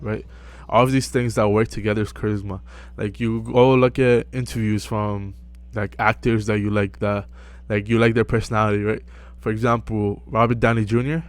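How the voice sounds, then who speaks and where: A young man giving casual self-improvement advice to camera, relaxed and full of fillers, often checking in with "right?". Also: fairly low pitch. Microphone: close mic.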